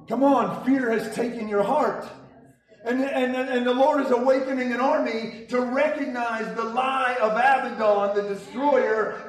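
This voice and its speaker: A male preacher delivers a fiery, rousing sermon in a fairly high voice, pressing each point hard and restarting phrases as he builds. The sound is caught from well off the microphone in a large hall, with heavy, booming reverb. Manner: emphatic, rousing, with repeated restarts. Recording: very echoey hall from far off.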